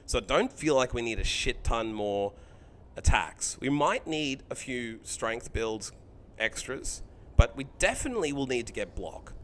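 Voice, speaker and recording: A man streaming a card game live, thinking out loud about his choices, chatting with viewers and swearing freely. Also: mid-range voice, lively intonation, measured pace, a little hiss or hum.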